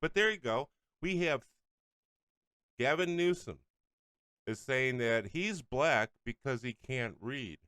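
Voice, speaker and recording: A man hosting a talk show who rants and sneers between clips, his voice smooth and resonant. The sound is close and dry, with no room around it. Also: mid-range voice, expressive, slow pace, long pauses, a bit bright, no room sound. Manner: ranting, mocking, often laughing. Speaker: political radio host. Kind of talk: angry political commentary over clips.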